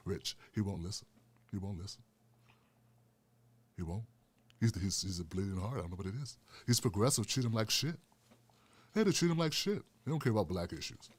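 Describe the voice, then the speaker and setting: A man imitating the ghost of an elderly male comedian, speaking low and hushed as he scolds wearily. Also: expressive, breathy edge. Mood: complaining. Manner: low, hushed, drawn-out pleading.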